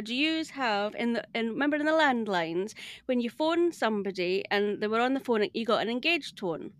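A woman's voice: a little high, no echo, clean studio sound. A Scottish woman, a podcast guest calling in remotely with her camera off, who tells stories animatedly, laughs often and acts out what other people said. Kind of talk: casual chat, animated storytelling. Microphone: remote call, camera off.

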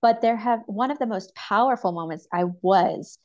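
A woman with a mid-range voice speaks as a guest on a faith podcast, telling a personal story from her life as a mother. She is earnest and openly emotional, and soft laughter slips in between her thoughts. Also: mid-range voice, normal speed, lo-fi sound. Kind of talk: personal faith testimony in casual chat.

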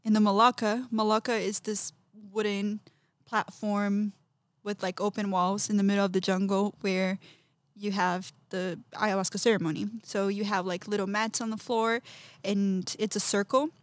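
With a dry recording capturing her mid-range voice at normal speed, a podcast guest recounts something from her own life. She tells it vividly, acting out what was said and laughing a lot along the way.

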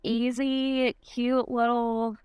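A woman's voice: fairly high pitch, flat delivery, extremely slow, darkish tone, smooth, no echo. A young woman from Michigan with a Michigan accent, chatting casually as a podcast guest, upbeat and laughing often. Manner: upbeat, giggly, many likes. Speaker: guest athlete.

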